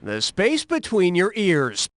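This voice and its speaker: A man hosting a quiz game, wisecracking and punning, jumping between loud calls and low asides. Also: huge pitch swings, slow, noisy background. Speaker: quiz show host. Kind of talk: scripted game show hosting. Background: game music.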